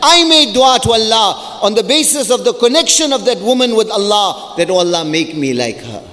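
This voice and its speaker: A man's voice: high-pitched, expressive, normal speed, pushed and bright. Preacher voicing a solemn little baby who lectures his mom, long reverb. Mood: earnest. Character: wise infant son rebuking his mother.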